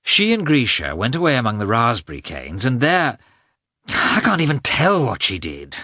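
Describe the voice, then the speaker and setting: A man voicing an anxious, excitable aristocratic mother in a storybook reading. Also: mid-range voice, normal speed, no echo, clean studio sound, pitched above the performer's own voice, full character voice. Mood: fretful. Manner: fretful, excitable. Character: anxious aristocratic mother, woman, middle-aged.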